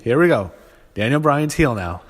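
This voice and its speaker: A man's voice: mid-range voice, big pitch swings. A man reviewing a wrestling show in a casual, unscripted way, ranting angrily and with lots of swearing, often stumbling over fillers and restarts. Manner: angry profane ranting; halting, full of fillers and restarts. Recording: long reverb.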